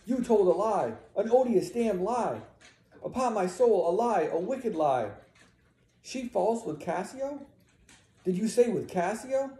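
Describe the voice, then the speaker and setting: A man voicing an outraged, grieving woman servant, crying out loudly in a raised voice. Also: expressive, a little slow. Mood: incredulous. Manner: loud, high-pitched outcries. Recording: roomy echo.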